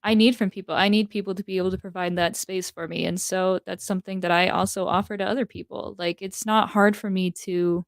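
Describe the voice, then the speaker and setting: A woman's voice: mid-range voice, fairly even intonation, fairly quick, few pauses, no echo, studio quality. A young woman talking thoughtfully in a casual, heartfelt conversation, with many fillers. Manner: thoughtful, filler-heavy, reflective. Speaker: guest, host's daughter.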